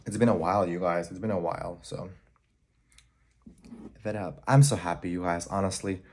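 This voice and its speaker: Low-voiced young man chatting to camera. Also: normal speed, background noise. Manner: chatty, keeps saying "you guys". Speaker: vlogger. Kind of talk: casual vlog chat to camera. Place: home apartment kitchen.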